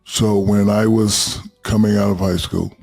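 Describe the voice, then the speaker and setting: Deep gravelly man telling stories. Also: measured pace, no room sound, soft background music. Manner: profane, animated storyteller who acts out quotes. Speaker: podcast guest. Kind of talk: casual storytelling chat.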